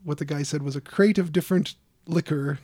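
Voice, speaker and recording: A man's voice: on the high side, fairly quick, a little mellow, no echo, studio quality. A man from Chicago hosting a podcast, telling stories in a loose, rambling way with lots of fillers. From Chicago, United States. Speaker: podcast host. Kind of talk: casual chat.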